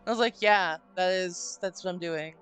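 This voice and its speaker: A woman's voice: lowish voice, moderate pace, a bit bright, clean tone. A woman hosting a live stream, chatting casually and telling a long, rambling story with some swearing. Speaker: streamer host. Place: home stream room. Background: faint spooky music.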